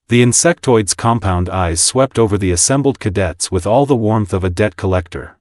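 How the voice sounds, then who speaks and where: A man's voice: fairly low pitch, dry recording, studio quality. A man narrating a scripted sci-fi story with a wry, sardonic delivery.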